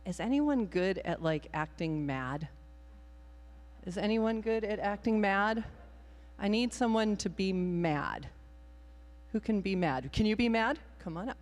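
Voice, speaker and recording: A woman minister leads a playful children's time during a worship service, her medium-pitched voice animated yet measured in pace. She improvises and encourages the young people, and the church sanctuary adds a long hall reverb.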